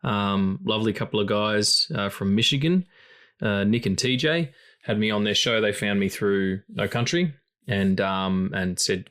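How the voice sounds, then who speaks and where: A man's voice: lowish voice, normal speed, a bit bright. Chatty man hosting a podcast. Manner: loose, chatty, swears freely, many fillers. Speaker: podcast co-host. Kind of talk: casual film podcast chat.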